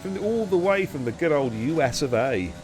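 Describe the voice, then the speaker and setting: A man's voice: on the high side, lively intonation, a little fast, a little mellow, faint music behind. A man hosting and calling a live sim racing stream, chatty and teasing, greeting viewers by name. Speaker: lead commentator and host.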